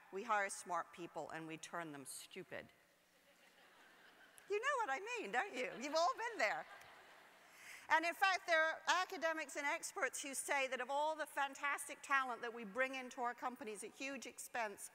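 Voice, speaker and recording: Bright-voiced woman giving a keynote. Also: medium pitch. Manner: emphatic, rhetorical questions to the audience. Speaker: keynote speaker. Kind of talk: conference keynote address. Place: large conference hall. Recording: long hall reverb.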